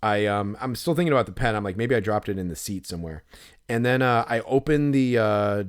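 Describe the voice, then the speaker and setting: A man's voice: lowish voice, brisk, clear, resonant tone. A man co-hosting a podcast, telling a long casual story full of fillers, swearing and retold inner monologue. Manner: rambling, lots of fillers and profanity, animated when retelling. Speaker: podcast co-host.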